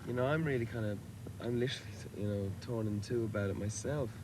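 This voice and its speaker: Reflective Irish man, low voice. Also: quick pace. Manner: reflective, anecdotal, with restarts and fillers. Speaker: rock singer interviewed. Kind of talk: interview. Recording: hissy old VHS tape.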